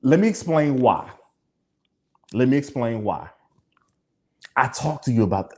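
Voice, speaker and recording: A man's voice: medium pitch, very animated, measured pace, mellow. A man in casual podcast talk whose voice swings widely up and down. He speaks openly and emotionally, swears freely and breaks into laughter between sentences. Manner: emotional, laughing, profane, confessional. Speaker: podcast co-host. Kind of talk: candid casual chat.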